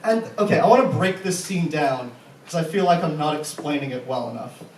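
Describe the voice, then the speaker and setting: A man's voice: on the high side, expressive, brisk, far from the mic, a little hiss or hum. A young man doing live stand-up and compering, with profane, incredulous rants and frequent laughter into a handheld mic. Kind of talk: live stand-up comedy with crowd work. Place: comedy club stage before a live audience. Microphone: handheld stage mic. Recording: echoey live room, voice off-mic at times.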